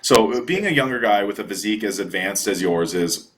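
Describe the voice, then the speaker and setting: A man's voice: fairly low pitch, expressive, a little fast, fairly bright tone. A man hosting a casual interview, asking friendly, meandering questions full of fillers. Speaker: interviewer, host.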